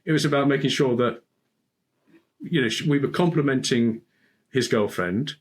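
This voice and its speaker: A man guesting on a podcast as a speaking coach, telling stories in an animated way and laughing often. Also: medium pitch, normal speed. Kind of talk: storytelling in conversation.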